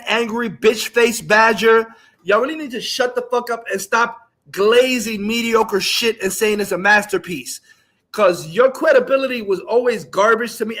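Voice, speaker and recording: A man's voice: high voice, pushed and bright. A man hosting a live stream, ranting angrily and with lots of swearing while he reacts to a film review. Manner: angry, profane, ranting.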